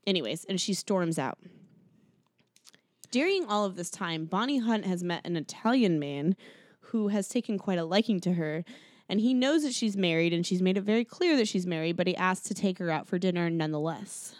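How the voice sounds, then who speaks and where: A woman, co-host of a podcast, recapping a movie in casual chat, telling it with lively storytelling and many "like"s. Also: on the low side, moderate pace, dry recording, clean studio sound. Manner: animated storyteller, heavy use of "like".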